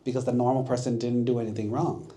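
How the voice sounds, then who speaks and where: A monk giving a children's sermon in a temple, his voice mellow and warm-toned. He keeps asking the kids questions and checking in with them as he tells the story. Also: mid-range voice, level tone, fast talker. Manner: asks the audience questions, checks with 'right?'.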